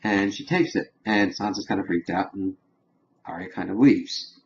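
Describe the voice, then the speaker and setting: A man's voice: sits low, normal speed, muffled recording. A man giving a casual spoken review, rambling through scene recaps with lots of filler words. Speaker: TV show reviewer.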